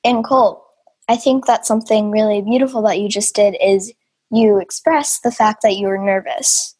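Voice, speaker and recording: A woman interviewing a father and son, asking gentle, encouraging questions in a casual chat. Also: medium pitch, fairly even intonation, moderate pace, slightly rough.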